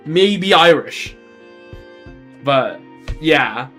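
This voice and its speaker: A man's voice: a little high, animated, very slow, a bit bright, soft background music. A man giving casual let's-play commentary, rambling and self-deprecating, often restarting his sentences. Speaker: game streamer.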